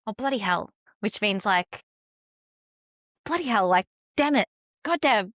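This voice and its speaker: A woman's voice: medium pitch, animated, normal speed, a bit bright, no room sound, studio quality. A young adult Australian woman, a content strategist chatting as a podcast guest, with a chatty, flowing manner full of "like" fillers. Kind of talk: casual interview chat.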